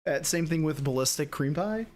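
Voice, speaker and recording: Speaking at a moderate pace with a slightly high pitch and lively intonation, a man chats with viewers while streaming sim racing. It's rambling, casual stream talk directed at chat, thick with fillers.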